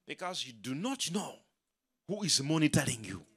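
A man preaching a sermon, emphatic and animated, leading the congregation in call-and-response. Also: a little high, moderate pace, slightly rough. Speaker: pastor.

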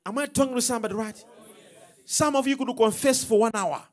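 A man preaching a sermon in an emphatic, preacherly style, calling out questions to the congregation and swinging between loud and soft. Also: very high-pitched, brisk. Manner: emphatic, preacherly call-and-response, dramatic swings in loudness.

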